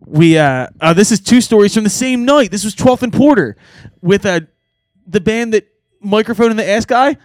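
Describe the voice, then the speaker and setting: A man on a podcast casually telling band road stories, animated and swearing, laughing often. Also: high voice, moderate pace, no room sound. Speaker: podcast co-host and band member. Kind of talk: casual storytelling chat.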